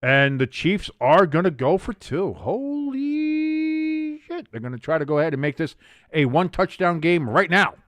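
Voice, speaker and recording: A young man calling the action for a live watch-along stream, his voice sitting a touch higher than most men's. The sound is close and dry with no room around it. He slips into loose asides with his viewers, then shoots up with excitement on the big plays. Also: moderate pace, no room sound. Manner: chatty asides, reading out viewer comments. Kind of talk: casual play-by-play commentary.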